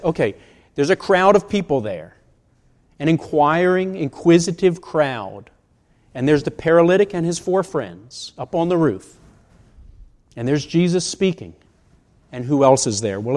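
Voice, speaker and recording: A man's voice: a little high, darkish tone. A man in his sixties preaching a sermon in a conversational way, asking rhetorical questions. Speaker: pastor. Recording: long reverb of a large hall.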